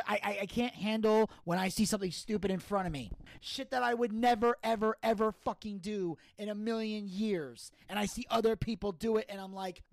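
A man with a high voice hosts a casual podcast recap. He talks in a loose, profane way and builds into heated rants. The sound is dry, with no room echo. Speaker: podcast host. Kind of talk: casual wrestling recap chat.

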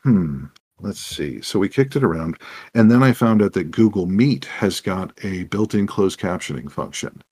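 A man, a game master and podcast guest, telling stories in a rambling, animated way full of restarts and asides. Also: on the low side, normal speed, husky.

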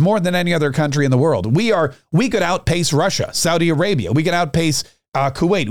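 A man's voice: on the high side, darkish tone, dry recording, studio quality. A man hosting a podcast, delivering a rambling, sarcastic political commentary monologue. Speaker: podcast host.

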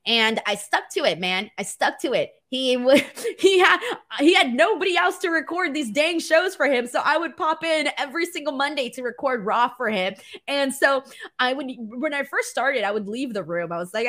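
A young woman from the West Coast telling stories in a casual Q&A video, animated and laughing, slipping into playful impressions. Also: a little high, moderate pace. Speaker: vlogger. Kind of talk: casual Q&A storytelling.

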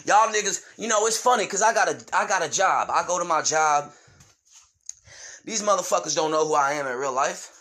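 A man's voice: fairly high pitch, animated, brisk, bright, forceful tone. A man hosting his own podcast, delivering a heated, profane rant straight at his listeners. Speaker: podcast host.

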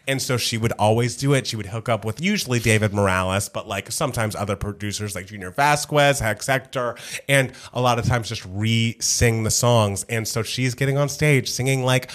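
A man co-hosting a podcast, telling a detailed story with excitement and laughing often in casual chat. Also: medium pitch, a little fast, few pauses. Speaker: podcast co-host.

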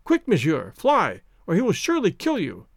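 A man's voice: high voice, huge pitch swings, normal speed, gravelly, no room sound, studio quality, exaggerated voice. A man doing a frightened pleading young woman. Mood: terrified. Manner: pleading, terrified.

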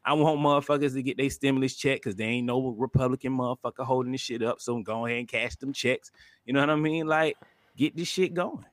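A man co-hosting a podcast in casual chat, relaxed and conversational, with frequent profanity. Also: mid-range voice, fast, no room sound. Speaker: podcast co-host.

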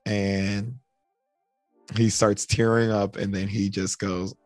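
A man co-hosting a podcast, casually retelling story scenes and acting out character lines in high voices. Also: fairly even intonation, slow, no room sound, faint music behind. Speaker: podcast co-host.

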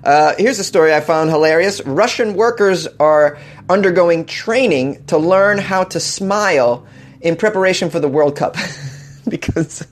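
A man's voice: on the high side, measured pace, slight background noise. Rambling, chuckling man hosting a podcast. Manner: rambling, self-amused, laughs often. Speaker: podcast host. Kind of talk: casual comedic news commentary. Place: hot apartment.

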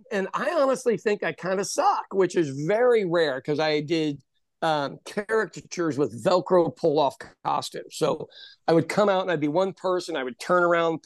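A man from Oklahoma, a former stand-up comic, telling stories in a casual, animated chat with frequent swearing. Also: sits high, no room sound, clean studio sound. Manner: animated storyteller, swearing, quick asides.

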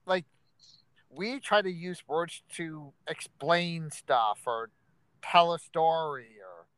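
A man's voice: on the high side, slow pace, a bit bright, clear, resonant tone, dry recording, rough recording. A man co-hosting a podcast in casual chat, talking bluntly with lots of fillers. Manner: rambling, filler-heavy, blunt. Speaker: podcast co-host.

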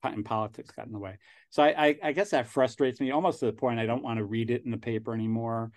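A man's voice: medium pitch, fast talker. A man in his sixties with a New York accent, a guest talking casually in an interview and rambling with frequent restarts. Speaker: angel investor guest.

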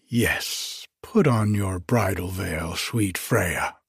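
A man's voice: low voice, very slow, creaky, slightly rough, no echo, full character voice. A man voicing a sly trickster god who speaks maliciously, close to his own narrating voice, in a storybook reading.

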